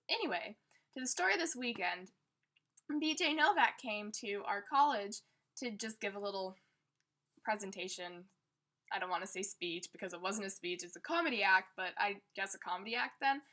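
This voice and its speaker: A woman's voice: medium pitch, pushed and bright. A young woman vlogging in casual chat, self-deprecating, acting out her own panicked thoughts. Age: young adult.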